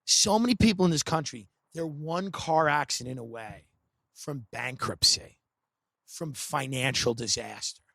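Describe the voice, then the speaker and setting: A man hosting a podcast, riffing in a sarcastic, deadpan comedic monologue full of dark satire and sudden mimicked voices. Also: on the high side, unhurried, vocal fry, dry recording. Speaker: podcast host.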